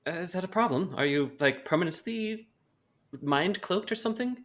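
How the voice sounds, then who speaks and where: Lively, eager man playing a tabletop game. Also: sits high, normal speed. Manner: friendly, eager, chatty. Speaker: player. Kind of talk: in-character tabletop role-play.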